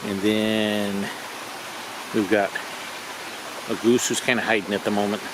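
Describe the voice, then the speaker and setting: A man's voice: on the low side, flat delivery, a little slow, noisy background. A middle-aged man casually narrating a walk around an outdoor zoo, with wry, joking tour-guide remarks. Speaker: vlog host.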